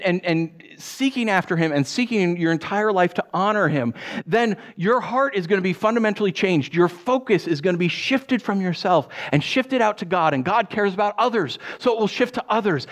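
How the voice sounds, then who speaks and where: High-voiced animated man preaching. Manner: animated storytelling, acts out scenes with sound effects; repeats words, restarts phrases. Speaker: pastor. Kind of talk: sermon.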